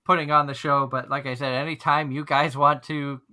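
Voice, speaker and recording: A man's voice: a little high, level tone, moderate pace, bright, forceful tone. A man hosting an online fan radio show, chatting casually and rambling with frequent restarts. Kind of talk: casual chat.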